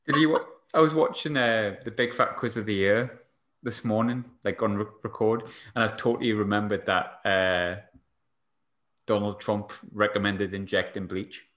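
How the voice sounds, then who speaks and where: A man's voice: fairly low pitch, steady tone, normal speed, a bit bright, roomy sound. A man hosting a casual football chat, chatty and jokey, asking lots of questions.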